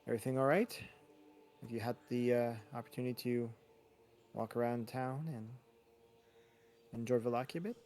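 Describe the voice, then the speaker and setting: Man playing a weary, gentle village priest. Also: mid-range voice, steady tone, lightly acted. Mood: weary, polite. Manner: halting, stammering, gentle concern. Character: kindly weary middle-aged male priest. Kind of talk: tabletop role-play in character.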